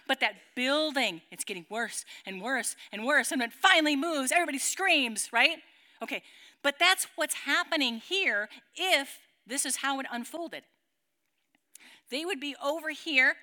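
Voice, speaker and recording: A woman's voice: high-pitched, animated, normal speed, pauses often, sharp tone. A woman teaching a Bible passage to a group in a dramatic way. She keeps checking in with her listeners and acts out the story's sound effects.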